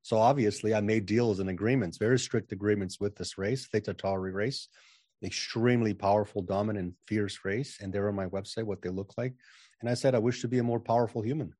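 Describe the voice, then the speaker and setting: A man's voice: lowish voice, fairly even intonation, a little fast, a little mellow, dry recording, clean studio sound. A man talking as a guest in a casual interview, self-assured and emphatic, often repeating words as he starts a sentence. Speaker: podcast guest, channeling coach.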